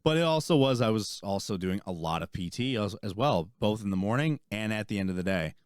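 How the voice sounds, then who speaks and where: A young man, an army veteran and podcast co-host, telling a rambling, profane story in casual chat and getting animated as he retells it. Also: fairly low pitch, a little fast, clean tone, no echo, clean studio sound.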